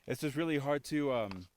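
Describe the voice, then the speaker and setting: A young man from Mexico hosts outdoors by a mountain lake, talking casually in a halting, self-correcting, apologetic way. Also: a little high, darkish tone. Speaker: host cooking for locals. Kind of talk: casual on-location talk. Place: outdoors by a high-altitude lake.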